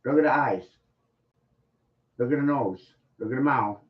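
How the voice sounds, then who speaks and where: A man's voice: mid-range voice, normal speed. A man ranting to the camera, swearing and laughing mockingly at the people he addresses. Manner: mocking, swearing, laughs at his own points. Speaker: video blogger. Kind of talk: profane rant to the camera. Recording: dull lo-fi sound.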